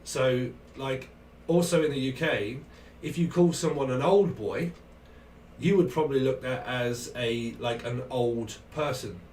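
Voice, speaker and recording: A man's voice: medium pitch, a little slow, darkish tone. A middle-aged man with a Cambridgeshire English accent, chatting in a rambling way with viewers on his live tarot stream. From England. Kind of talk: casual livestream chat. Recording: roomy, distant mic, faint noise.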